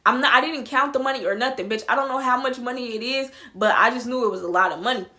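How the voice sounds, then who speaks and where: A young woman tells a storytime, loud and profane. Her voice is bright and a bit high, and she jumps into acted quotes with big swings. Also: fast. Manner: animated, profane, acts out quotes loudly. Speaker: vlogger. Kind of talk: casual storytime.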